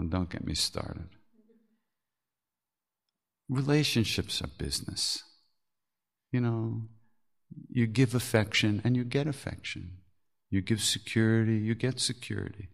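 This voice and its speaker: Gravelly low-voiced man telling stories. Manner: candid, laughs often, swears casually. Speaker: podcast host. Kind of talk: reflective spiritual storytelling.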